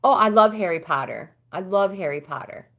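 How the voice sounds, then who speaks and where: A middle-aged American woman hosting a casual livestream, chatting with viewers and answering their comments. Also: normal speed. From United States. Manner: chatty, talks back to comments, pitch swings up when animated. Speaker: livestream host.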